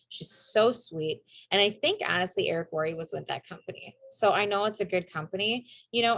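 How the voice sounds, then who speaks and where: A woman's voice: lowish voice, no echo. A young woman leading a casual motivational team call, chatty and upbeat, often acting out bits of dialogue. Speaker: network marketing team leader.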